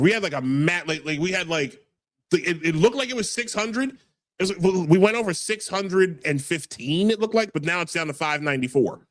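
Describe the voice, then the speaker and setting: A man's voice: a little high, moderate pace, fairly bright tone, dry recording, studio quality. A man with a New York accent hosting a casual livestream, brash and stammering as he reads chat aloud. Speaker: podcast host.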